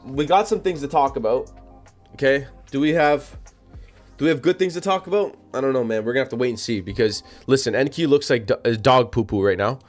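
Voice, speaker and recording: Speaking a little fast with a medium-pitched voice, this livestream trading host gives casual commentary over soft background music. He's chatty and slangy, talks right to his chat, repeats phrases and hiccups now and then.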